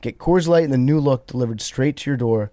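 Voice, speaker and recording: A man's voice: mid-range voice, fairly quick, dark tone, no echo, studio quality. A man hosting a podcast, reading a sponsor ad in an easygoing, conversational way. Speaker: podcast host. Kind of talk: host-read ad.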